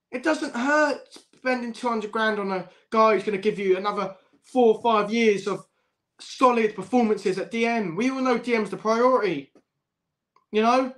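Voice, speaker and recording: A man's voice: sits high, a bit bright. A young man hosting a football fan livestream, swearing, laughing often and chatting to his viewers. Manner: swears a lot, laughs often, says bruv constantly. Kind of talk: casual livestream chat.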